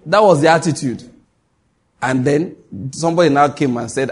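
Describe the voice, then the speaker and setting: A man delivers a sermon in a husky, slightly high voice. He tells stories with humor and acts out the back-and-forth between characters. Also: moderate pace. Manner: animated, humorous storytelling with acted-out dialogue. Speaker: preacher.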